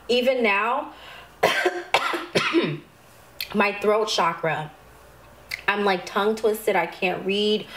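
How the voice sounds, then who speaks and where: Slow-talking woman tarot reader. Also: mid-range voice, poor audio. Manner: slow, breathy spiritual delivery with sudden excited outbursts. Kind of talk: tarot reading to camera.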